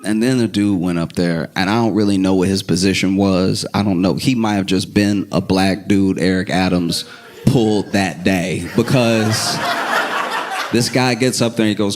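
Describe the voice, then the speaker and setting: A male stand-up comedian telling a story in an animated way and acting out the people in it. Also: low voice, moderate pace. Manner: animated, acts out characters.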